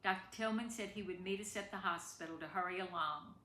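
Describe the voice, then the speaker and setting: A woman's voice: lowish voice, a little fast, sharp tone. A woman reading a family memoir aloud in a tender, emotional way. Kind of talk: reading a personal story aloud. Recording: echoey room with faint background noise.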